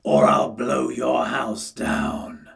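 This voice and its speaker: A man reading a storybook aloud and voicing a hungry, scheming male wolf in a low, gruff growl. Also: lively intonation, very slow, recorded from a distance, heavily acted. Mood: menacing.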